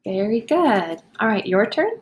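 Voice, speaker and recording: A woman teacher leads young students through a reading lesson. She, speaks at a middle pitch, and slows down to sound out words clearly while praising each child. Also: sing-song. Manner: encouraging, slow and clearly sounded out.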